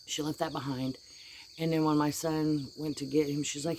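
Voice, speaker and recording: A middle-aged woman vents to her viewers in a low, husky-toned register, blunt and heated. She tells it folksy and plain. Faint crickets and insects chirp in the background. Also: level tone, normal speed, darkish tone, slight background noise. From United States. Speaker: vlogger. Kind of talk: casual venting vlog.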